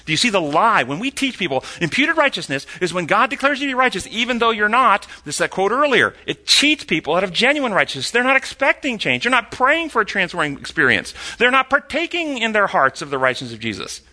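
A man's voice: high-pitched, sing-song, fast talker, hardly any pauses, bright, forceful tone. A man teaching a sermon-style Bible lesson, reading quotes aloud and questioning his listeners, rising sharply when he argues.

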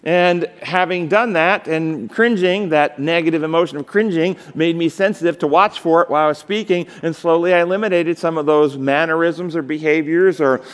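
A man's voice: fairly high pitch, moderate pace, few pauses, clear, resonant tone, in a large hall. A man giving a live seminar lecture on public speaking. He speaks emphatically and often asks the audience rhetorical questions. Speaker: seminar instructor. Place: large seminar hall.

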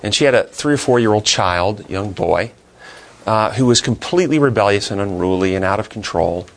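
A man's voice: on the low side, lively intonation, a little fast. A man teaching a classroom Bible lesson, asking the class questions and then answering them himself.

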